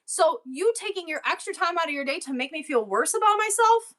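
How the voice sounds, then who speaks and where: A woman's voice: very high-pitched, lively intonation, fairly quick, fairly bright tone. A middle-aged woman hosting a livestream sale, talking in a worked-up, rambling and emotional way. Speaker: livestream seller. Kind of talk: casual livestream chat.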